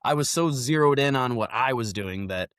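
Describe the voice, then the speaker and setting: A man who is a political candidate, telling stories in casual podcast chat, animated and profane, acting out what people said. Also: mid-range voice, moderate pace, clean tone, dry recording, clean studio sound.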